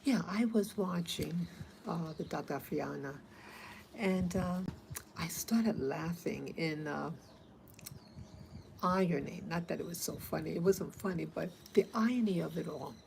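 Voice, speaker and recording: A woman's voice: lowish voice, measured pace, darkish tone, a little hiss or hum, poor audio. A woman talking casually to her viewers, rambling and hesitant with many fillers. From abroad, not from Africa. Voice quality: gravelly. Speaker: vlogger. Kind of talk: casual talk to camera.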